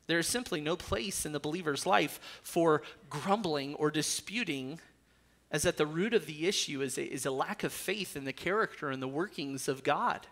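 A man's voice: on the high side, normal speed, a bit bright. A male pastor preaching a sermon, earnest, with dry jokes slipped in.

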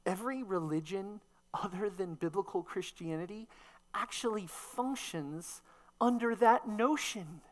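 A woman's voice: mid-range voice, measured pace. A woman preacher delivering a sermon, teaching emphatically and posing rhetorical questions.

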